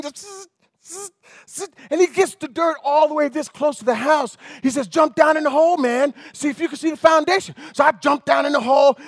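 A man preaching a sermon as an animated, rambling storyteller. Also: very high-pitched, no echo, studio quality.

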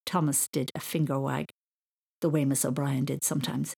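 Woman reading a kids story, low and husky, calm and gentle. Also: normal speed. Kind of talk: storybook narration.

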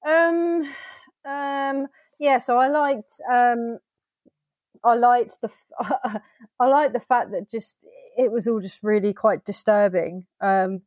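A woman's voice: on the high side, slow pace, dry recording. Hesitant woman, dull dry sound. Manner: hesitant, with many ums and trailing phrases. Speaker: podcast co-host. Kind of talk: casual chat.

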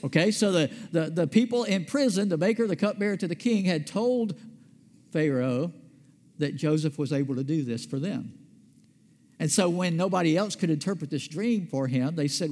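A pastor preaches conversationally, posing questions to his listeners and answering them himself. His fairly high voice has lively intonation, a moderate pace and a darkish tone, carried by the long reverb of a large hall.

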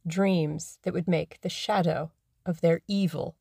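A woman narrating a classic novel in a measured, even way, as scripted audiobook narration. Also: lowish voice, vocal fry, slightly rough, dry recording, clean studio sound.

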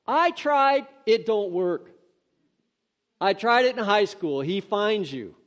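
A man preaching, reading scripture aloud and breaking off into earnest, excitable, conversational asides. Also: high-pitched, slow pace. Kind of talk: devotional scripture reading with commentary. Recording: dull lo-fi sound.

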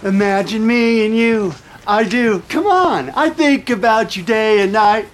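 A manic, theatrical man bursting into a love song. His voice sits high and keeps jumping up in excited pushes. He sounds like he is playing to a whole room. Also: measured pace. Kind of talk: sung film scene.

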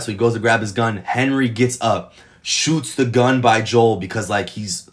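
A man casually reviewing a TV episode, retelling scenes in an excited, rambling way full of swearing. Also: mid-range voice, moderate pace. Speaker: TV show reviewer.

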